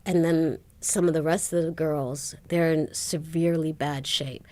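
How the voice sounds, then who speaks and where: A middle-aged woman being interviewed, telling her life story with animated retellings of dialogue and frequent laughter. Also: deep voice, unhurried. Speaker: interview guest.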